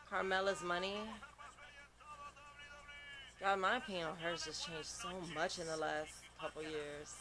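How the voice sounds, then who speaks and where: A man with a high voice speaks in loose, exclaiming reaction commentary and swears freely. He sounds sleepy and worn out from the late hour. A steady hiss of background noise runs under the recording. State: sleepy, yawning late at night. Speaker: wrestling reaction channel host.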